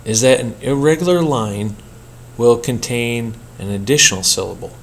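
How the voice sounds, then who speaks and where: A man teaching a poetry workshop in a measured, explanatory lecture style, with an occasional slip. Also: medium pitch, creaky, a little hiss or hum. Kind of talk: scripted lecture narration.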